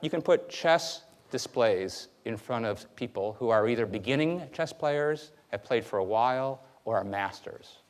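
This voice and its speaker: A male university lecturer giving a classroom lecture in a hall, talking in a lively, conversational way with frequent fillers. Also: mid-range voice.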